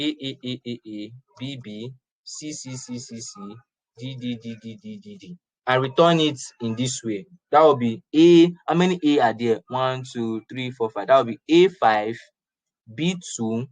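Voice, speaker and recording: A man's voice: mid-range voice, dry recording, low-quality recording. A man giving an informal programming lesson, chatty, often repeating and restarting his phrases. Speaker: programming instructor. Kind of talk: informal classroom lecture.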